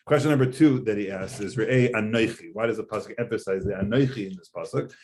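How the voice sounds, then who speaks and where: A man's voice: lowish voice, fast, darkish tone. A man, a rabbi, giving a conversational Torah lecture, explaining earnestly with frequent fillers. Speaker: rabbi teaching a class.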